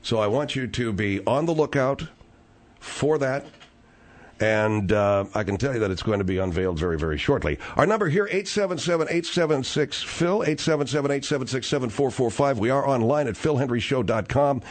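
A man hosting a radio talk show from a studio by the ocean, talking fast with a salesman's push on a studio microphone. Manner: fast, promotional pitching.

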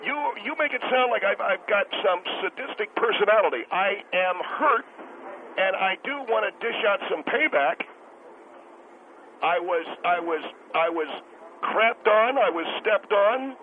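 A man puts on a bitter restaurant owner calling in to a comedy radio show, stumbling over his words and circling back with indignant repeats. His voice sits fairly high and comes through a tinny, hissy phone line. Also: lively intonation, measured pace. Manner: indignant, stammering, repeats himself. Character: bitter, stammering male restaurant owner caller. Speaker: caller. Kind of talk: comedic radio call-in bit.

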